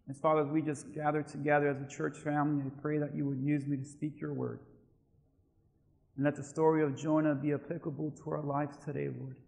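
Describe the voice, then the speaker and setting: A male pastor with a notably high voice delivers a sermon, reading scripture aloud before leading prayer and calling on the congregation to repeat after him. His voice carries through a large church with a long, lingering reverb. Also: creaky, darkish tone. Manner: reads scripture aloud, then leads prayer and calls the congregation to respond.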